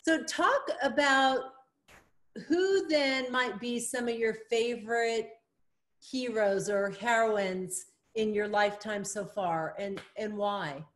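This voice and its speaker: A woman's voice: fairly high pitch, slow. A woman hosting an interview, offering short affirmations and asking open questions. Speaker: interview host. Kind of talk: casual interview.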